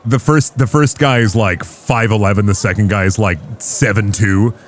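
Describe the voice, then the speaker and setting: A man narrating as game master of a tabletop game, relaxed and halting with fillers. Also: lowish voice, soft background music.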